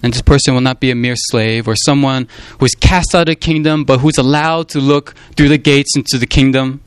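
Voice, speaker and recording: A man's voice: mid-range voice, steady tone, a little fast, clear, resonant tone, dry recording. Earnest male preacher, dry and close. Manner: earnest, emphatic, leans on "you know" and repeats words. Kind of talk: sermon on a Gospel passage.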